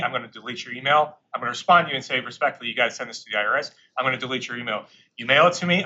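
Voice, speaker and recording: Emphatic man giving a bright, talky presentation. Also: mid-range voice, lo-fi sound. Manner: conversational, emphatic, with frequent fillers and asides. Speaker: government attorney presenting to bankruptcy practitioners. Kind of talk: informal presentation to a live audience. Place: courtroom or meeting room.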